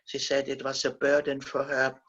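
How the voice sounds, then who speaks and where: Older woman, survivor guest speaker, forceful bright tone, halting storyteller, lo-fi sound. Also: very deep voice, completely flat delivery. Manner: halting, gentle storytelling with frequent restarts. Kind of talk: recounting personal memories in a talk.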